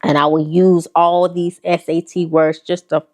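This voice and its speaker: A woman's voice: fairly low pitch, moderate pace. A woman with a Southern accent, chatting casually and sassily to her viewers while showing off a fashion haul. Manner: sassy, animated, talks straight to viewers. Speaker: fashion vlogger.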